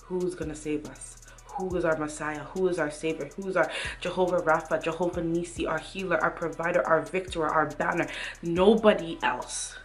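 A young woman shares an earnest devotional talk to camera in a slightly low voice, leaning on casual fillers as she encourages her viewers. Soft music plays faintly underneath. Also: steady tone, moderate pace. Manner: earnest and encouraging, many "like" and "you know what I mean". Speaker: Christian vlogger.

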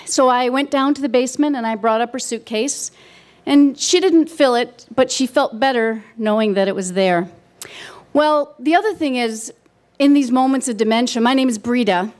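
A middle-aged woman telling a personal story on stage at a live event, warm and wry with dry humor. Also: a little high.

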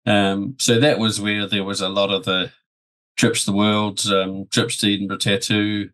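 A man in his sixties from New Zealand, calmly recalling his past as a podcast guest. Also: lowish voice, moderate pace. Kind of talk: casual podcast chat.

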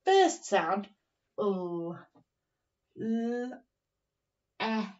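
A woman teaching young children a phonics lesson, speaking in a slow, encouraging, sing-song way and sounding out words. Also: medium pitch, big pitch swings, a little mellow. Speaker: primary teacher. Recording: dull, slightly distant recording.

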